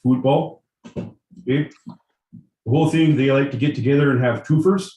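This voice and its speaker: A man's voice: mid-range voice, fairly even intonation, normal speed, mellow, roomy sound, recorded from a distance, close to an everyday voice. A man putting on a hockey-loving guy with a mock Canadian accent and a folksy manner. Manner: folksy, tacks on "eh".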